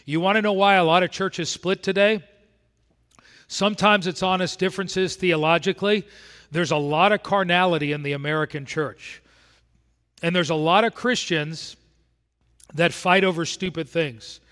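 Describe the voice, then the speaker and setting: A pastor preaches with emphasis, his voice sitting a little high for a man. He drives home his points by repeating them. A long reverb trails after his words as if in a large church hall. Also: fairly even intonation, normal speed, fairly bright tone. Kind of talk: sermon.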